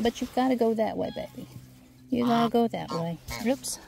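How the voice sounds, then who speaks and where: A woman on her farm garden, talking to her geese in a coaxing, gently scolding way while filming on a handheld phone. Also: fairly high pitch, moderate pace, vocal fry. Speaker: farm vlogger. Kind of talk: casual talk to animals while filming. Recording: loud outdoor noise, geese honking. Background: geese honking.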